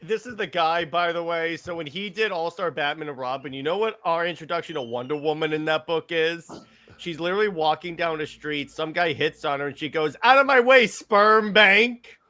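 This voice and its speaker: A man chatting casually on a geek podcast, quick and talkative. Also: fairly high pitch, steady tone, fairly bright tone. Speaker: podcast co-host. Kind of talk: casual chat.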